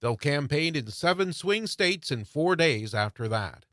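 A man's voice: fairly high pitch, animated, a little slow, no room sound, studio quality. A man anchoring a local radio newscast with an announcer's delivery. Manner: bright, forceful announcer read.

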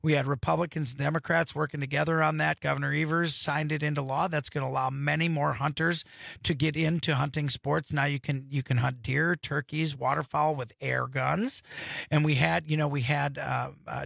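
A man hosting a casual radio show, telling animated, joking stories from a studio. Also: a little high, vocal fry, no room sound. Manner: animated, joking, quick storytelling. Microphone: studio microphone.

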